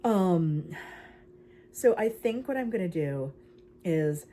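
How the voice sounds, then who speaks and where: A young woman, chatting casually and excitedly about her crochet project for her vlog, with lots of fillers. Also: on the low side, takes it slowly, a little hiss or hum. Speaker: crochet vlogger.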